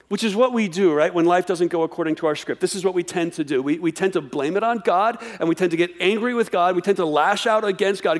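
A man preaching a sermon, animated, often restarting and repeating words as he acts out a dialogue. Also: high-pitched, fast, hardly any pauses. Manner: animated, acts out voices of God and the prophet. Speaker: pastor.

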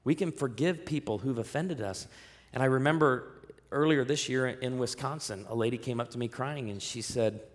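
A man, a pastor, preaching a sermon, telling a story and rising to loud, emphatic peaks. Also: medium pitch, moderate pace.

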